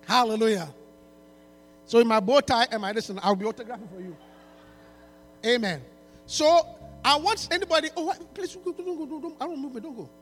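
Man, pastor at a church appeal, high voice, pleading, stammering restarts. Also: fairly quick, breathy edge. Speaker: pastor launching a book.

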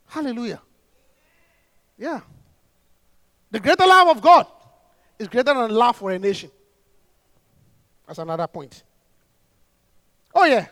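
Male preacher, strikingly high voice with lively swings, close dry sound; animated sermon, laughing, breaking into shouts. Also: unhurried, long pauses, no room sound.

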